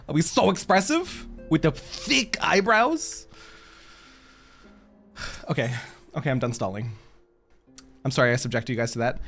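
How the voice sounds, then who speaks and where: A man's voice: medium pitch, a bit bright. A man streaming a game and chatting casually with his viewers, giggly and self-mocking, laughing often.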